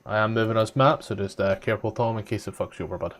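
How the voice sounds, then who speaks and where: A man's voice: lowish voice, quick pace. A man serving as dungeon master, narrating a tabletop game and explaining the scene plainly. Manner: explains things plainly, with occasional fillers.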